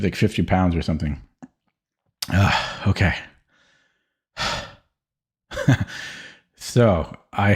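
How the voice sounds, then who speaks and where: A man with a somewhat low, husky voice works through chess puzzles out loud at his desk at home. He speaks very slowly and calmly, stopping to weigh each move. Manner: calm, slow, musing, talks himself through moves. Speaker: chess streamer. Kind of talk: thinking aloud while solving chess puzzles.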